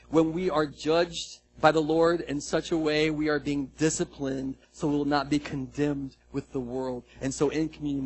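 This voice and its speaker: Husky-voiced male pastor preaching. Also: mid-range voice, rough recording. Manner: animated storytelling, acts out quoted dialogue. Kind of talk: sermon.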